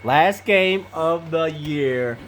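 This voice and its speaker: A woman hosting a casual family podcast, briskly calling on each person and repeating their picks back. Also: low voice, slight background noise. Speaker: podcast host.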